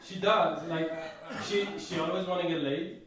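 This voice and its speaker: Boastful deadpan comedian, echoey and distant. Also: male voice, a little high, crowd noise. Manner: boastful deadpan delivery with halting restarts. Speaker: stand-up comedian. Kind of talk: stand-up comedy set. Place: comedy stage before a laughing audience. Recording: echoey, distant live room mic with noise.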